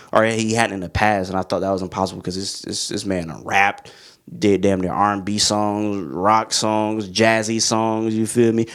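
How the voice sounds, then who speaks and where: A man ranking his favorite albums in a casual vlog, excitable and rambling, full of slang. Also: fairly low pitch. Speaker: music reviewer.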